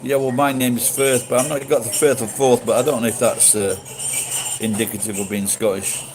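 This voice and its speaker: A man's voice: medium pitch, fairly even intonation, brisk, noisy background. Rambling middle-aged Yorkshire man. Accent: Yorkshire English, softened. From Sheffield, England. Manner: meandering, swears casually, many restarts and fillers. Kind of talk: rambling late-night monologue.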